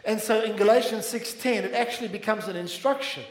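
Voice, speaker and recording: High-voiced South African pastor preaching. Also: male voice, a little fast. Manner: earnest preaching, calls out to the congregation. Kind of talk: sermon. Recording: echoey church hall.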